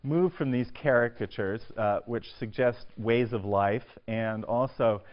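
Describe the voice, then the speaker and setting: A man giving a university lecture on poetry, often hesitating with filler sounds, clearing his throat and restarting his sentences. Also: mid-range voice, unhurried. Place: lecture hall. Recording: dull lo-fi lecture recording.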